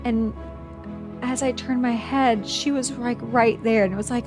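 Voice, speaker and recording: A middle-aged woman hosting a podcast, telling a personal story in a heartfelt, halting way, close to tears. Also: on the high side, over music. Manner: emotional, on the verge of tears; heartfelt with many restarts and fillers. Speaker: podcast host.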